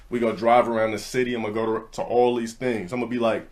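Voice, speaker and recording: A young man telling a casual story and ranting bluntly, with plenty of profanity and a brash, hurried delivery. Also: mid-range voice, little pitch movement. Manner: blunt, profane, brash, speeds up mid-thought. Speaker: streamer.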